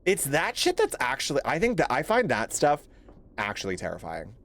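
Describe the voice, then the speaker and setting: A man's voice: fairly high pitch, wildly swooping pitch, moderate pace, a bit bright. A young man giving jumpy, profane let's-play commentary on a horror game, laughing and complaining at the game. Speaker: gaming streamer.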